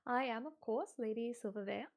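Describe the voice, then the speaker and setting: A poised upper-class lady who is gracious on the surface and condescending underneath, as a woman puts her on. She speaks with refined, formal politeness in a fairly high voice. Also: brisk, close to an everyday voice.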